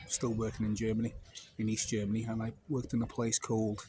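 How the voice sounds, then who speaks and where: A man's voice: fairly low pitch, monotone, fairly quick, mellow, a little hiss or hum. A man in his fifties from North Wales with a North Welsh accent, telling casual anecdotes in a meandering, digressive way.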